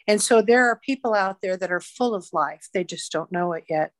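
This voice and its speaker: A woman's voice: medium pitch, normal speed, dry recording. A woman evangelist, a podcast guest, leading a fervent, rhythmic spoken prayer. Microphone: podcast mic.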